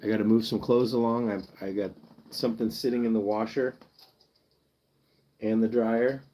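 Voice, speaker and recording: A man's voice: fairly low pitch, steady tone, normal speed, warm tone, a little hiss or hum. A man chatting casually with viewers on a pet rescue livestream, playful and joking, sounding out foreign words for the chat. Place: home.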